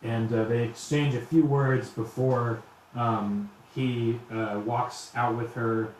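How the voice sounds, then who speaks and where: A man narrating as game master in an easy, halting way, filling his pauses with ums and uhs. His voice sits in the middle range and bounces around a very echoey room with a faint hum behind it. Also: mid-range voice, fairly even intonation. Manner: loose, halting narration with many fillers.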